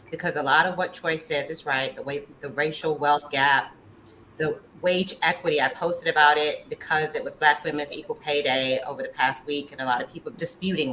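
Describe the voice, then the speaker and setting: A woman's voice: sits low, fairly even intonation, moderate pace, pushed and bright, slight background noise, low-quality recording. A woman panelist speaking with passion and emphasis, in a cadence like a preacher's, in a panel discussion.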